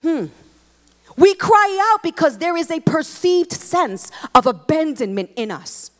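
A woman preaching a sermon, expressive and emphatic, leaning into repeated phrases. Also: high voice, measured pace. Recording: long hall reverb.

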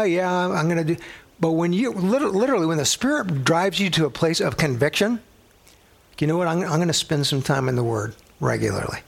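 A man's voice: fairly high pitch, gravelly. A middle-aged male pastor teaching a sermon in a conversational way, telling personal stories and using a coffee cup as a prop.

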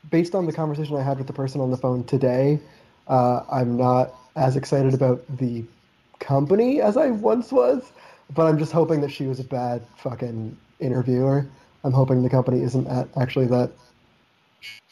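A man from Canada talking in a casual podcast chat, his voice very dark and mellow. He rambles loosely, leaning on "like" and dropping casual swear words. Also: mid-range voice, low-quality recording. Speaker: podcast co-host.

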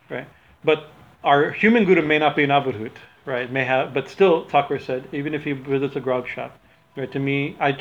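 A man's voice: mid-range voice, a bit bright, a little hiss or hum. A man teaching an informal religious talk, rambling with many restarts and a habit of asking "right?". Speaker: spiritual teacher. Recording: dull lo-fi recording.

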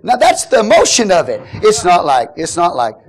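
A male pastor preaching a sermon in a church, impassioned and often shouting, with questions called out to the congregation. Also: high voice, wildly swooping pitch, normal speed.

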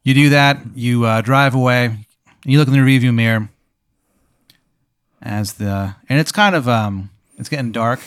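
Smooth-voiced man telling a deadpan tale. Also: unhurried, pauses often, dry recording, clean studio sound. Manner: deadpan, low-key narration with chuckles. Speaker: podcast host posing hypotheticals. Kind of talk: improvised comedic storytelling.

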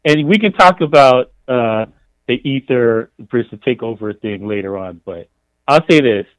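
A man's voice: mid-range voice, animated, moderate pace, no echo, low-quality recording. A man co-hosting a casual music podcast, speaking enthusiastically and emphatically. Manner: enthusiastic, emphatic, laughs easily. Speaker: podcast co-host. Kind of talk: casual chat.

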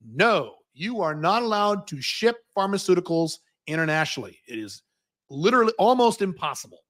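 A man's voice: high voice, sing-song, normal speed, fairly bright tone. A man hosting a livestream Q&A, answering viewer questions in a blunt, profane, opinionated way. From United States.

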